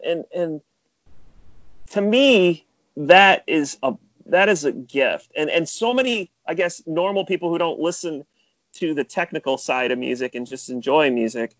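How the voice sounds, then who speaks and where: A man producer in casual interview chat, animated and full of filler words. His voice sits a touch high. The recording is dry and dull, like lo-fi podcast audio. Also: no echo. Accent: Metro Detroit. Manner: animated storyteller, many "like" fillers. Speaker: music producer.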